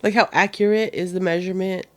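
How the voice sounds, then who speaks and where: A woman's voice: medium pitch, fast. A pregnant woman in her thirties, co-hosting a podcast in casual chat and acting out quoted lines as she tells a family story. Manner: animated storyteller, acts out quotes. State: heavily pregnant. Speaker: podcast co-host.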